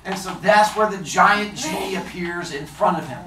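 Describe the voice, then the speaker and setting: A man's voice: high voice, moderate pace, sharp tone, slight background noise. A man reading a story aloud to a group, adding playful asides that explain words, heard from a distant mic in a roomy space. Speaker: storyteller host.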